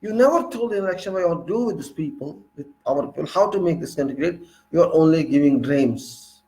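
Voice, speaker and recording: A man's voice: fairly high pitch, animated, fairly quick, dark tone, low-quality recording. A man with an Indian English accent giving an indignant political monologue, full of rhetorical questions and repeated phrases. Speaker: political commentator.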